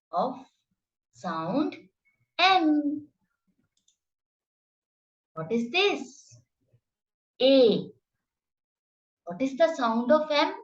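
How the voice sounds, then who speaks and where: A woman with a fairly high, sing-song voice leads a children's phonics lesson at a very slow, drawn-out pace. She enunciates every sound with care and keeps her tone encouraging. The recording is a little dull and lo-fi. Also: sing-song. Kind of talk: slow, exaggerated phonics teaching.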